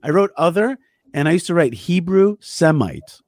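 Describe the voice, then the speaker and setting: A man's voice: a little high, animated, moderate pace, darkish tone, dry recording, studio quality. A man hosting an interview, often repeating words as he searches for how to phrase things. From former Soviet Union family, raised in America. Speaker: host. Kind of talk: interview conversation.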